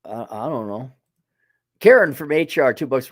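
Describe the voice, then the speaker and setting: A man's voice: mid-range voice, lively intonation, normal speed, dry recording, studio quality. A man hosting a casual opinion monologue, talking in a blunt, sardonic, profane way. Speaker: host.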